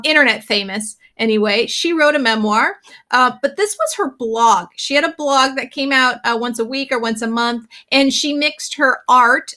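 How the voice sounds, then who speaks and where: Bright-voiced woman teaching a class. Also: high-pitched. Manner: chatty, laughs often, reads comics aloud. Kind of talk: classroom lecture.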